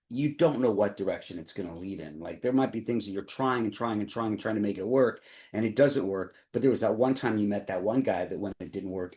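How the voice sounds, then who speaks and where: A man's voice: fairly low pitch, a little mellow. A middle-aged man, a guest on a talk show, reflecting in a rambling, casual way and restarting his thoughts. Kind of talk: casual conversation.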